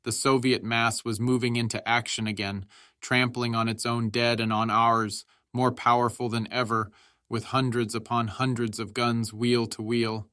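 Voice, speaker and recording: A man narrating an audiobook in a measured, steady reading style. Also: medium pitch, no echo, clean studio sound.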